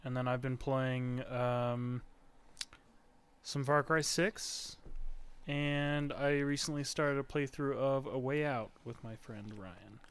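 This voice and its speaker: Podcast dude talking slow, lots of ums, bright smooth voice, kinda wry. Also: male voice, mid-range voice, steady tone. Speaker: podcast co-host. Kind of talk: casual gaming podcast chat.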